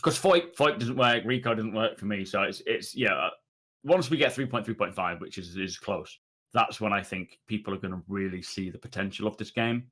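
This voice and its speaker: A man's voice: on the low side, fairly quick, fairly bright tone. A man co-hosting a gaming podcast, chatting with enthusiasm. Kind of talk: casual gaming podcast chat.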